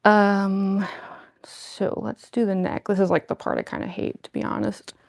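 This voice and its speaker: A young woman cosplayer with a medium-pitched voice and vocal fry talks at a moderate pace with flat delivery. Chatting casually on a livestream while she gets into costume, she rambles, fills her speech with fillers, runs herself down, and lisps a little from her fangs.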